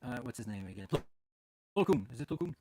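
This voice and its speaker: A man's voice: mid-range voice, lively intonation, fast talker, background noise. A man hosting a podcast from home in casual chat, rambling with many fillers and restarts. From Canada. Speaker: podcast host. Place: at home with his dog.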